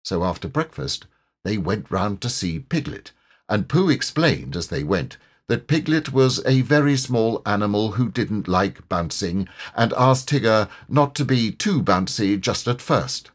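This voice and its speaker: A man reads a children's storybook aloud at an unhurried pace. His fairly low voice has a husky grain and a lively, expressive rise and fall. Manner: expressive, measured. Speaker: audiobook narrator. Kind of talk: storybook reading.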